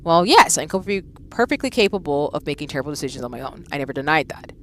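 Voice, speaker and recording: A woman's voice: sits low, big pitch swings, quick pace, a little hiss or hum. A woman voicing a proud, stubborn young noblewoman villainess, reading game dialogue in a formal, self-assured manner. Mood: indignant.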